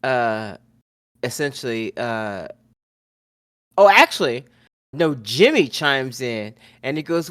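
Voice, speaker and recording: A man's voice: mid-range voice, lively intonation, slow, pauses often, fairly bright tone, no room sound, clean studio sound. A man co-hosting a podcast, recapping a wrestling show loosely, with fillers and self-corrections. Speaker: podcast co-host.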